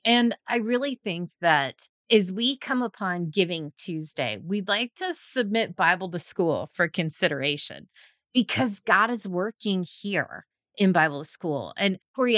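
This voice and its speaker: A woman's voice: fairly low pitch, sharp tone, no echo. A woman hosting a casual faith podcast in an upbeat, enthusiastic way. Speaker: podcast host. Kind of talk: casual podcast chat and closing prayer.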